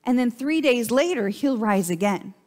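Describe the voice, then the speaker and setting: A woman's voice: fairly high pitch, expressive, normal speed, a little mellow. Conversational woman pastor preaching. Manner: conversational, asks "right?" often. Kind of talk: sermon. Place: church.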